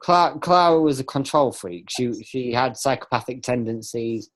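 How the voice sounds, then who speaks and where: A man's voice: mid-range voice, normal speed. Stammering man chatting on a fan podcast. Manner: stammering restarts, excitable. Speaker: podcast host. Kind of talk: casual fan podcast chat.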